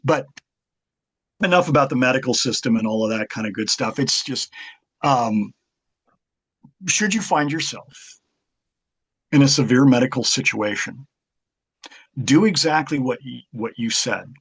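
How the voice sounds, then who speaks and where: A man's voice: mid-range voice, lively intonation, measured pace, long pauses, a bit bright, breathy edge. A man, a guest martial arts author, chatting casually in an interview and rambling through stories with many fillers and restarts.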